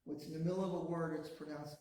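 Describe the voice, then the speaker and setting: A man leading a language class, saying words slowly and patiently for his students to repeat. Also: on the high side, little pitch movement, warm tone, slight background noise. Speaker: language teacher. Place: classroom, also streamed to a video call. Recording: very echoey room.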